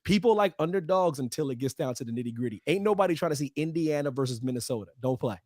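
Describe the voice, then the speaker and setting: Wrestling show host, man, slightly high voice, dry close mic, animated delivery. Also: quick pace, no room sound. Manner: animated, swings between loud and quiet. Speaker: podcast host. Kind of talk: casual wrestling podcast chat.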